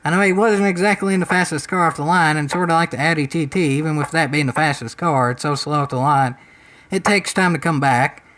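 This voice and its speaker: Male gaming commentator, Southern country accent, folksy rambling delivery, bright forward tone. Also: fairly high pitch, brisk, slight background noise, poor audio. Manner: rambling, folksy, says "y'all" and "ain't". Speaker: racing game commentator. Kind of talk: casual gameplay commentary.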